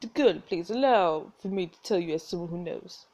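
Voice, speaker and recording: A hulking, gruff lighthouse keeper with a thick Russian accent growls his warnings slowly, as a woman puts him on. The tone is dark and mellow, and every line sounds heavy and menacing in this game reading. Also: fairly low pitch, expressive. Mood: grave.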